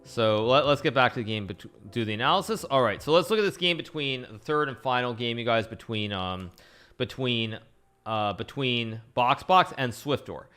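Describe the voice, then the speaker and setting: A man's voice: medium pitch, lively intonation, normal speed, fairly bright tone, smooth, soft background music. A man streaming a casual chess game analysis, rambling and often correcting himself. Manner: rambling, with frequent restarts and self-corrections.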